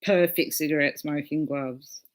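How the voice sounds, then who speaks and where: A woman hosts a relaxed livestream from home and chats easily with her viewers. She talks slowly in a fairly low voice. She swears freely and laughs often. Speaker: livestream host. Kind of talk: casual livestream chat.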